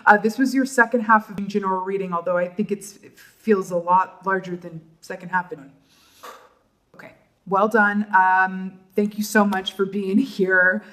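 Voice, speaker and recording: A woman doing a tarot reading for her viewers, talking softly and emotionally, with many fillers and trailing pauses. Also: medium pitch, fairly even intonation. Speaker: tarot reader. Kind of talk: casual tarot reading to camera.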